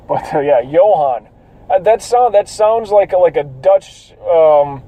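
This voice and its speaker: A man's voice: on the high side, animated, unhurried, mellow, poor audio. A man talking casually and profanely to camera, rambling with lots of fillers, in a car. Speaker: vlogger.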